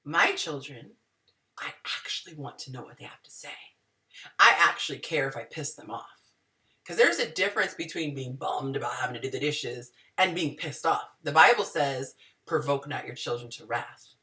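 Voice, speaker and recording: A woman hosting a casual group video chat, an animated, self-deprecating storyteller who acts out the people she quotes. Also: low voice, normal speed, far from the mic. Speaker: host. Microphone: video call.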